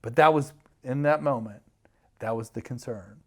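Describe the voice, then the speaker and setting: A middle-aged man tells a story in a loose, rambling way, with plenty of fillers and false starts. His pitch sits in the middle for a man. He acts out what other people said as he goes. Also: normal speed, a little mellow. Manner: rambling, many fillers and restarts, acts out voices. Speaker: podcast guest, TV producer. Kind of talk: animated storytelling.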